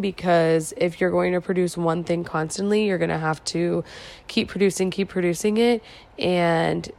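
A woman's voice: fairly low pitch, gravelly, a little mellow. A tired young woman vlogger chatting casually late at night, musing and rambling with lots of "like". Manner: rambling, musing, heavy filler "like". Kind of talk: casual chat.

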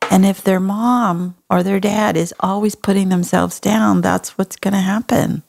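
A woman with a Texan accent hosts a podcast, talking in a folksy, earnest way. Her voice sits a little low and has a gravelly, fry-laden edge. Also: darkish tone. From Texas. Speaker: podcast host. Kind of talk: casual interview chat.

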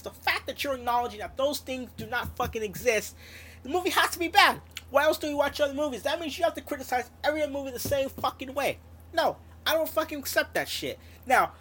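A woman's voice: high-pitched, fairly bright tone, slightly rough. A woman delivering a heated, sarcastic, heavily profane movie rant on her audio show, with many restarts.

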